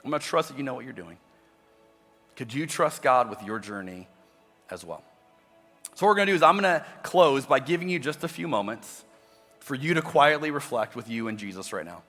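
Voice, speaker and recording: Male pastor, bright forceful tone, conversational sermon in a reverberant church hall. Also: medium pitch, lively intonation, a little fast, pauses often, soft background music. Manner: conversational, acts out imagined voices. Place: church auditorium.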